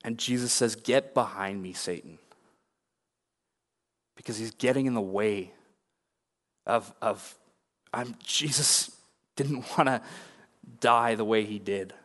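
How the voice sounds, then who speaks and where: A man's voice: medium pitch, measured pace, pauses often, a bit bright. A young man delivers a sermon from the pulpit, earnest and openly confessional in tone. His mid-range voice rings out with a long hall reverb, as if in a large church sanctuary. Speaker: pastor.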